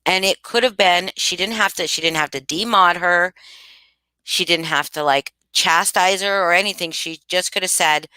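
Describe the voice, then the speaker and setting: A woman's voice: lowish voice, normal speed, sharp tone, smooth, dry recording. A woman talking casually to her live chat, emphatic and repeating her points with many restarts. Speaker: livestream commentator. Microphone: home streaming mic.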